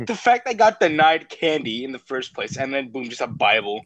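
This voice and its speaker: A man hosting a casual podcast chat, laughing often and telling stories with animated delivery. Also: medium pitch, a little fast, no echo.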